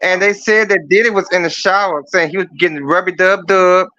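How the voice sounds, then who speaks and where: High-voiced man ranting profanely. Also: fairly even intonation, fairly quick, pushed and bright. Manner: profane, storytelling, mocking. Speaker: caller. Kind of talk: comedic rant. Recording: dull lo-fi dry sound.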